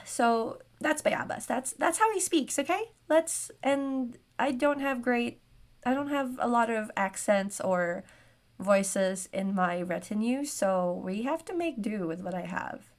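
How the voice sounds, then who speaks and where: A woman narrating a solo tabletop game as game master, with chatty, self-aware asides. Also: medium pitch.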